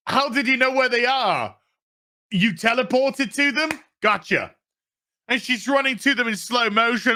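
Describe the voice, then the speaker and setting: A man's voice: very high voice, lively intonation, a little slow, pushed and bright. A man with a Yorkshire accent hosting a TV review, recapping an episode in a sarcastic, profane rant and putting on mocking voices for the characters. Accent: Yorkshire English. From England. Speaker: TV review host.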